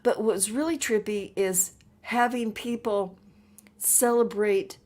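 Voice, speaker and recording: A woman's voice: mid-range voice, fairly even intonation, measured pace, a little mellow. A woman co-hosting a casual livestream, talking in an easygoing, rambling, reflective way. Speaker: co-host.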